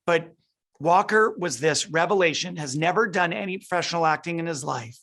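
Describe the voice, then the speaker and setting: Speaking a little fast in a somewhat bright, high-leaning voice, this middle-aged film director eagerly fields questions in a video-call interview. He keeps restarting sentences, repeating words while he works out his thoughts.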